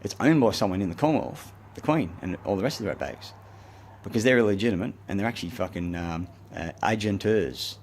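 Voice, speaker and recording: A man's voice: on the low side, fairly quick, a little mellow, a little hiss or hum. An Australian man delivering a rambling, agitated, swear-laden monologue to the camera. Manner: profane, agitated, rambling ranting. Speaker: self-recorded speaker.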